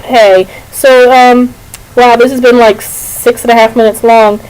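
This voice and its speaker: Young female vlogger, chatty and rambling, a touch high-pitched, talking into a home webcam. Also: steady tone, a little slow, a little mellow, smooth, low-quality recording. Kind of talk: casual rambling chat to camera. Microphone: camera on a computer.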